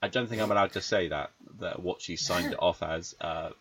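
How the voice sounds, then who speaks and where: A man's voice: deep voice, fairly quick, a bit bright, low-quality recording. A man hosting a podcast in casual chat, rambling with lots of ums and jokey asides. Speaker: podcast host.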